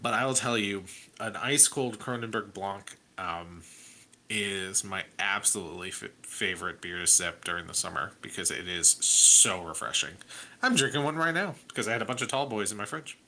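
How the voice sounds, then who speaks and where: A man's voice: on the low side, moderate pace, sharp tone. A man in his thirties co-hosting a podcast in casual chat, rambling with many fillers. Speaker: podcast co-host.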